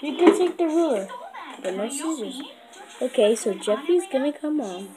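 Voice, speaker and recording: A woman's voice: sits high, expressive, normal speed, rough recording. A young female host chatting casually to viewers of her home video channel. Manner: chatty, addressing viewers directly.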